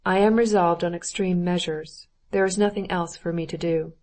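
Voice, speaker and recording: A woman voicing a cold, stiff middle-aged husband who speaks in a measured, formal, clipped way. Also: fairly low pitch, steady tone, darkish tone, natural voice. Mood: bitter.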